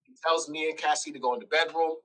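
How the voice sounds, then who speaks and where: A man as an interview guest telling a personal story, animated, acting out quoted lines. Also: on the high side, fast, recorded from a distance, a little hiss or hum, low-quality recording.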